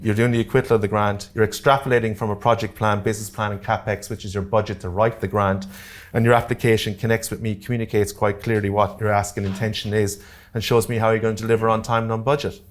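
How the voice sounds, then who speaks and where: A man with an Irish accent presenting a live workshop to a room, talking quickly and jokily and often checking in with "okay?" and "all right?". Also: fairly low pitch, flat delivery. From Ireland. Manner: fast-talking, jokey, keeps checking in with the audience. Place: community centre meeting room.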